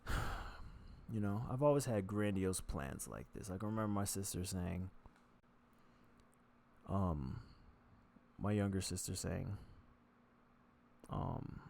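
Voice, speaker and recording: A man's voice: low voice, slow, creaky, pauses often, a little mellow, slight background noise. A man vlogger talking to himself in a rambling, digressive casual monologue.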